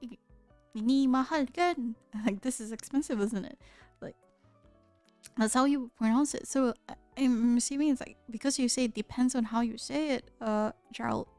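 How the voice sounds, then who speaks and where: A young woman with a Malaysian accent, chatting casually with her viewers on a livestream, curious and quick to laugh, often restarting her sentences. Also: on the high side, a little mellow, no room sound, soft background music. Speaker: streamer. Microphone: close studio mic.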